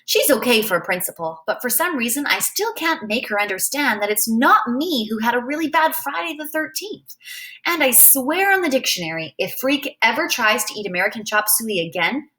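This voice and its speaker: A woman reading a novel aloud as a first-person storyteller, in an expressive way. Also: on the high side, moderate pace. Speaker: reader.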